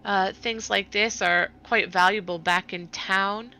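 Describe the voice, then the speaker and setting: A woman speaking as a player in a live tabletop game, chatty and quick to laugh. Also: medium pitch, steady tone, vocal fry, pushed and bright, rough recording. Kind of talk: casual tabletop play.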